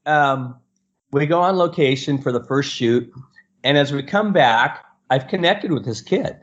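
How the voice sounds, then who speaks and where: A middle-aged man and portrait photographer telling a story in an animated way, acting out the other people's lines and laughing often. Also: mid-range voice, measured pace. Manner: acts out quoted voices and laughs often. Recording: dull lo-fi sound.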